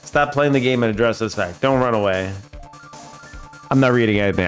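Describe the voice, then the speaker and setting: A man's voice: mid-range voice, a little fast, soft background music. A man streaming a video game, joking in mock-lawyer speech. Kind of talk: casual live-stream banter.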